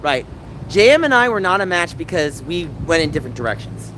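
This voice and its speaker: Chatting with his live audience from a city street, the host has a sing-song, slightly high voice and a fairly quick delivery. He wanders between stories, with plenty of street noise in the recording.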